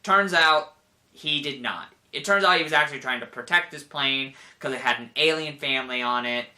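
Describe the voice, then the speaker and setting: Young male reviewer, bright voice, rambly, heavy on "like", animated retelling. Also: medium pitch, normal speed. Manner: rambling, full of "like", animated quoting with laughs. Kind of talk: casual spoken review.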